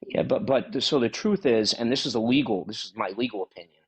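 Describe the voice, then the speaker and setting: A man's voice: medium pitch, quick pace, breathy edge. A man in his forties calling in to a debate show, speaking in a hesitant, defensive way with many restarts. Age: 40s. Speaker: caller. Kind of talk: call-in debate.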